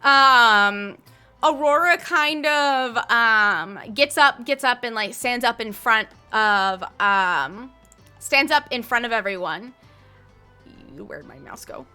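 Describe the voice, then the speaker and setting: High, bright-voiced woman game master. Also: expressive, slow pace, clean tone, faint music behind. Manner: chatty, many filler "like"s. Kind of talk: narrating a tabletop game.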